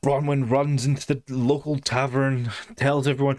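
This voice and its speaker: A man's voice: mid-range voice, steady tone, normal speed, few pauses, a little mellow, no room sound, clean studio sound. A young man giving a blunt, sarcastic and sweary review of a TV show in a casual, opinionated way.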